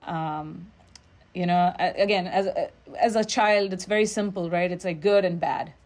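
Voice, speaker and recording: A woman from Nigeria, a musician and educator, speaking as an interview guest, reflective, with stories and quick quoted asides. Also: lowish voice, steady tone, darkish tone. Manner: reflective, storytelling, quoting others in quick asides. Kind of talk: interview conversation.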